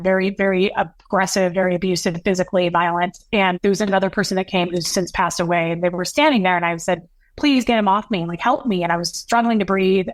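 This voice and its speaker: A woman guest in an interview, recounting a painful personal story in a halting, emotional, long-winded way. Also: mid-range voice, no room sound.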